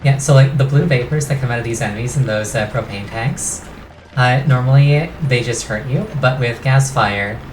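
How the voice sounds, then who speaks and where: A woman's voice: extremely low pitch, moderate pace, darkish tone, a little hiss or hum. A tired woman streamer giving gameplay commentary and explaining game mechanics in detail. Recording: roomy echo with game music.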